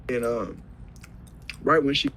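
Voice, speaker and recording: A man's voice: medium pitch, slow pace, a bit bright, slight background noise, low-quality recording. A young man retelling a story in profane slang and acting out the lines people said. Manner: profane slang-heavy retelling, acts out quoted dialogue. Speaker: interview guest. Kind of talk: casual storytelling.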